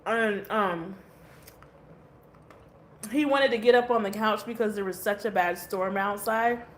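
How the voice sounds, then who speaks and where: A woman's voice: mid-range voice, a little hiss or hum. A woman giving a casual tarot reading who rambles, swears casually and laughs often. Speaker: tarot reader.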